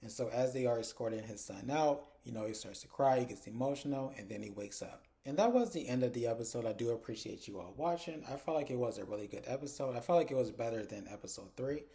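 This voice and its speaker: A man's voice: mid-range voice, expressive, fast, few pauses, dark tone. A man casually recapping a TV episode for his channel's viewers. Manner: retells scenes, acting out characters' lines. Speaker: TV episode reviewer.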